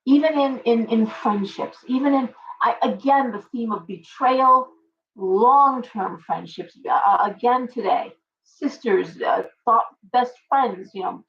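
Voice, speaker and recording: A woman's voice: a little high, distant mic. A middle-aged woman talks in a loose, rambling live-stream chat, breaking off to greet her viewers by name. She sits a little back from the mic. The sound is dull and lo-fi. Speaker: tarot reader hosting a live stream.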